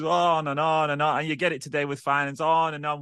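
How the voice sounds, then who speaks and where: A man's voice: on the high side, little pitch movement, fast, few pauses, a bit bright, clean tone, dry recording, studio quality. A man hosting a podcast, chatting casually and animatedly, repeating phrases for emphasis. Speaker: podcast host. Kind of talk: casual chat.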